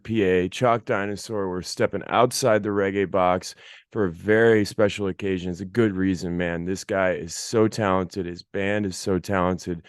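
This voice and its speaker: A male host leads a casual interview with plain enthusiasm, turning now and then to his listeners. His voice sits low and smooth. The sound is close and dry. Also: dry recording. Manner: enthusiastic, laid-back, talks to listeners directly. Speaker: radio show host.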